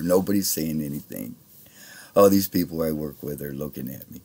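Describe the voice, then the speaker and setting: A man with a low, husky voice tells a long personal story in loose, rambling speech. He gets heated and swears freely. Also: moderate pace, darkish tone. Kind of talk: casual spoken anecdote.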